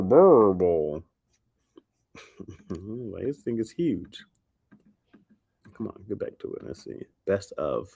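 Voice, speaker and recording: A man's voice: sits low, vocal fry, a bit bright, no room sound. A man hosting a livestream, chatting casually with viewers, rambling and slangy, laughing a lot. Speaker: livestream host.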